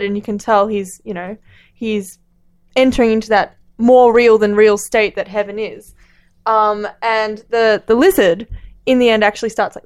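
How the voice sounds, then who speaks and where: A woman co-hosting a casual book-discussion podcast, retelling the plot hesitantly with many pauses. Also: medium pitch, clean tone. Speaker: podcast co-host.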